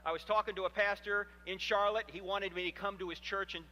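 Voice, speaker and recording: A man in his fifties giving an animated, humorous storytelling lecture to a live audience in a hall. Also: high voice, a little fast. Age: 50s. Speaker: Christian apologetics speaker.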